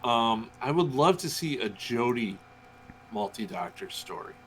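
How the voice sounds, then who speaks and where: A man's voice: mid-range voice, sing-song, a little slow, fairly bright tone. Earnest male podcast guest, casual chat, faint noise in the line.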